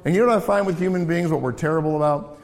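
A middle-aged American man preaching in a church, his fairly high voice swinging from raised emphasis down to low, hushed asides. A long reverb from the hall trails after each phrase. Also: very fast. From United States. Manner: animated preaching, rising for emphasis, then dropping low. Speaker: pastor and counselor. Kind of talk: sermon.

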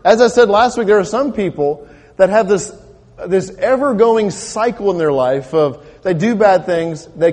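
A man preaching to his congregation in a relaxed, conversational sermon, tossing out rhetorical questions and doubling back on his words. His voice sits high for a man. The sound carries the long reverb of a church sanctuary. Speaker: pastor.

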